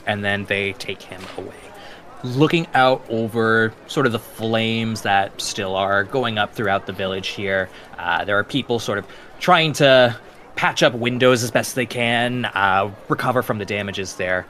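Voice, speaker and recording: Man, dungeon master, tabletop game narration, bright voice, relaxed, filler-heavy. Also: on the low side, unhurried, slight background noise. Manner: laid-back, frequent "uh" fillers.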